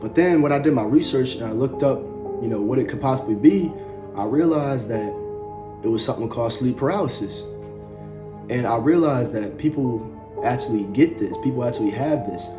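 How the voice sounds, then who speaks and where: A man's voice: medium pitch, animated, brisk. A young man telling a personal story to his viewers in a loose, conversational way, with many fillers and repeated words. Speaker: vlogger. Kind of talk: casual storytelling to camera. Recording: music playing underneath.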